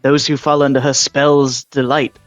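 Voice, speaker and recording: A man's voice: mid-range voice, little pitch movement, normal speed, dry recording, lightly acted. A man voicing a gracious, formal male tournament announcer over a live stream, with stately, ceremonious phrasing. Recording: dull lo-fi mic with faint music.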